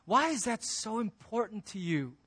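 A man voicing Jesus as a gently puzzled grown man, asking soft questions. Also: high-pitched, sing-song, moderate pace, husky, heavily acted.

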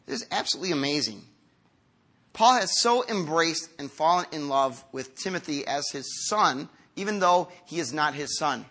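A man in his fifties preaching a sermon to a congregation, earnest and conversational, moving from quiet, slow lines to emphatic ones. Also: high-pitched. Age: 50s. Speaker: pastor.

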